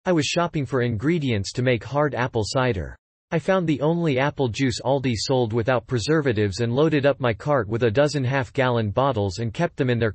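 A man narrating a written story in an even, matter-of-fact way. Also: medium pitch, no room sound.

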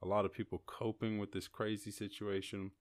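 A man's voice: on the low side, level tone, brisk. A young Irish man hosting a podcast on his own, rambling casually, swearing freely and laughing often. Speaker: podcast host. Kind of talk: casual solo podcast chat.

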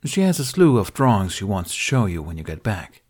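A man voicing a calm, proud male Jedi master with a baritone voice. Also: a little fast, husky.

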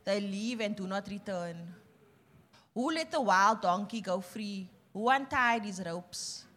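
Woman reading scripture aloud, steady. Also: medium pitch, takes it slowly. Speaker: scripture reader.

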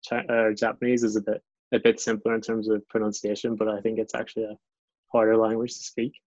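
A man with a Northern Irish accent chatting casually as a guest, relaxed and self-deprecating, often restarting his sentences. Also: fairly low pitch, quick pace, no echo. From Northern Ireland. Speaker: guest, English teacher abroad. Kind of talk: casual chat. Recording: dull lo-fi recording, dry.

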